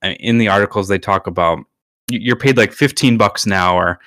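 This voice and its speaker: A man co-hosts a podcast, chatting casually and rambling with plenty of filler words. His voice sits lowish and a bit bright, and he talks a little fast. The recording is studio quality with no room sound.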